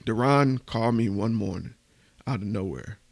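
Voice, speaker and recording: A man podcast host telling a candid, emotional personal story, swearing casually and going hushed at the painful parts. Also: lowish voice, normal speed, vocal fry, no echo.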